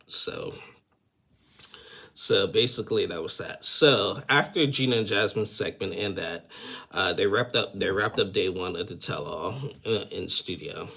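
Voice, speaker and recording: A man's voice: low voice, unhurried, vocal fry, pushed and bright. A man casually retelling a reality TV episode, rambling and a bit tired. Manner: rambling, full of fillers and "and everything". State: yawning, tired. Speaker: reality TV recap vlogger.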